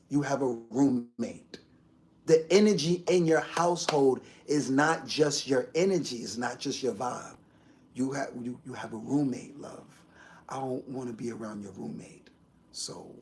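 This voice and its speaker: Rambling man chatting on a livestream. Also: slight background noise. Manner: rambling, swings from low mumbles to loud outbursts. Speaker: livestream host. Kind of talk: casual livestream talk to viewers.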